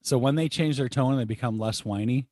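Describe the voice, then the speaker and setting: A man co-hosting a casual podcast chat, calmly reading out parenting advice from an article. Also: mid-range voice, brisk, no room sound, clean studio sound. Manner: relaxed, reads out article quotes. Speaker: podcast co-host.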